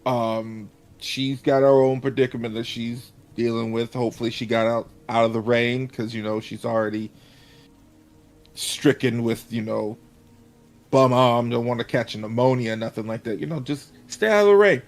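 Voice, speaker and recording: A man's voice: medium pitch, moderate pace, faint music behind. Rambling man talking as a player. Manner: rambling, filler-heavy. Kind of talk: casual in-character chat.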